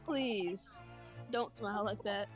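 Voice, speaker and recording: A woman's voice: mid-range voice, slow, faint music behind. A young woman chatting during a group game dub, teasing with blunt comments.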